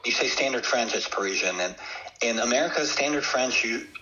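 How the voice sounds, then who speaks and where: A man's voice: mid-range voice, fairly quick, bright, forceful tone, muffled recording. A man co-hosting a podcast in casual chat, hesitant and filler-heavy as he talks it through. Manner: hesitant, many fillers and restarts. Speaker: podcast co-host.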